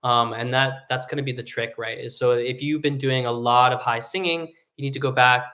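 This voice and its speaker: A man who sings tenor, teaching a live singing lesson in a relaxed, explanatory way, with hummed and sung demonstrations. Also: medium pitch, a little fast. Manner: explains casually, demonstrates hums and sung vowels.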